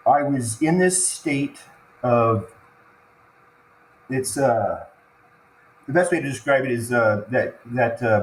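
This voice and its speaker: A man recounting a frightening personal experience as a podcast guest, halting and stumbling over restarts, sounding choked up as he talks. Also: medium pitch, a little hiss or hum. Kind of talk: emotional personal storytelling. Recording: roomy echo.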